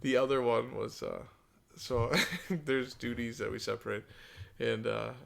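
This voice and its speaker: A man co-hosting a casual podcast, telling animated stories and swearing casually. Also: mid-range voice, measured pace, gravelly. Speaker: podcast co-host.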